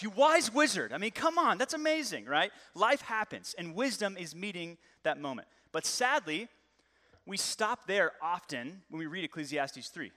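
A man in his thirties, a pastor preaching a lively, joking, conversational sermon. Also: sits high. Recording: long hall reverb.

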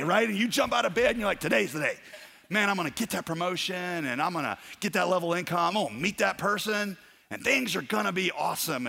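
A man preaching a sermon, telling a story and acting out the voices in it with animated energy. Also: on the high side, long reverb tail. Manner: animated, acts out voices in stories. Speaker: pastor.

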